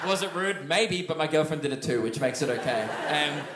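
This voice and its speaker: Australian man in his late 20s, cheeky stand-up delivery, fairly high voice, echoey theatre. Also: fairly quick. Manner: cheeky, animated storytelling with crowd work. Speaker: stand-up comedian. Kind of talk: stand-up comedy. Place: theatre stage before a live audience. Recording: echoey live venue, loud noise.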